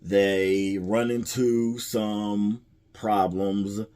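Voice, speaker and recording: A man's voice: fairly low pitch, flat delivery, drawn-out words, warm tone. Rambling man recapping a comedy film. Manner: rambling, chuckles at the jokes he retells. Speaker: movie reviewer. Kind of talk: casual plot recap.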